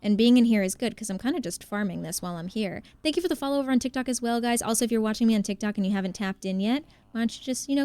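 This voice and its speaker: A woman's voice: a little high, racing, few pauses, dark tone, no echo. Chatty young woman streamer, close and dry. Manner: chatty, thanks viewers by name, thinks aloud. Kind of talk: casual live-stream chat while gaming.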